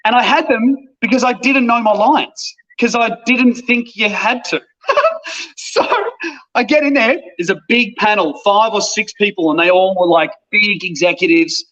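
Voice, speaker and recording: An actor tells a self-deprecating story in lively, casual chat. His voice sits high and rings bright and forward. The recording is dull and lo-fi. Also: moderate pace. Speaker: actor, guest. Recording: dull lo-fi sound.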